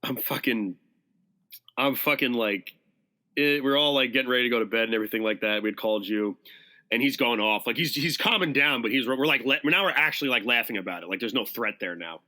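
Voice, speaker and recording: Bright-voiced man telling a wild story. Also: mid-range voice, fairly quick. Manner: animated, profane, acts out quotes. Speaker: podcast guest. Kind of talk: casual storytelling chat.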